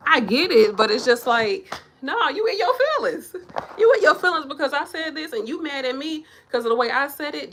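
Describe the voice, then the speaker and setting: A woman, a nurse talking casually to the camera, blunt and animated, swearing and laughing as she rambles. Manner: blunt, animated, swears and laughs, acts out patients in higher voices. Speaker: nurse vlogger. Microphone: camera mic.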